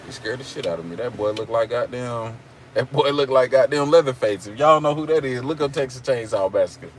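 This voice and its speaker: A man's voice: medium pitch, expressive, fairly quick, slight background noise. A man with an Oklahoma country accent, chatting casually and rambling on a livestream from his car, joking with his viewers. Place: in a car at a drive-thru. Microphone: phone camera.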